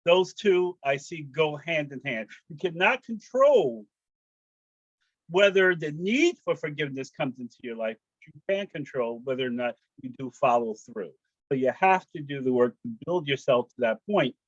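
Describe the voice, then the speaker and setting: A man giving a personal story talk at a spiritual service, animated and acting out the voices he quotes. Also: on the high side, moderate pace, no echo, dull audio. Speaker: guest speaker sharing testimony. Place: home, rooster heard outside.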